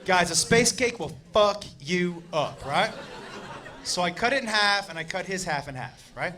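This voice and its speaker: A man's voice: high-pitched, lively intonation, normal speed, pushed and bright, some chatter behind. A male stand-up comedian telling a story on a club stage, with a brash, profane and punchy delivery. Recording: live club set with audience laughter.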